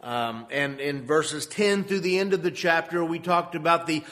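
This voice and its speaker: A man preaching a sermon, reading scripture in a measured, deliberate way and then explaining the passage conversationally. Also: on the high side, fairly bright tone. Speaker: pastor. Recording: long reverb of a church hall.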